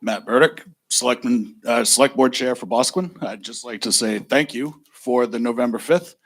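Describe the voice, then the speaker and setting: A man's voice: mid-range voice, moderate pace. Businesslike man speaking at public comment. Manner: brief, businesslike. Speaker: town select board chair giving public comment. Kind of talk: public comment at a board meeting.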